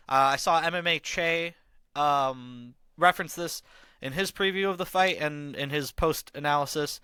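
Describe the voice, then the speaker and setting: A man talks through a fight on his own podcast, rambling with plenty of fillers and casual slang. His voice is bright and crisp, and it sits close and dry on the mic with no room sound around it. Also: on the high side, no room sound. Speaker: podcast host. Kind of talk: casual fight analysis monologue.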